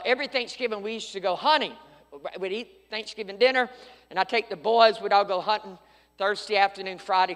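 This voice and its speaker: In a church sanctuary, a middle-aged preacher delivers a fervent sermon in a very high, bright, forceful voice, swinging between loud and hushed. The hall adds a long, trailing reverb.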